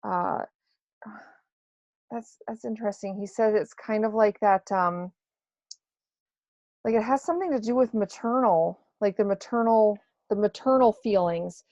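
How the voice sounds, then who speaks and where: A woman's voice: medium pitch, a little slow, pauses often, a little mellow, no echo. A woman who works as a psychic medium, answering questions in a casual interview, hesitant and full of fillers. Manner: hesitant, many fillers and restarts. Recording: dry, dull lo-fi sound.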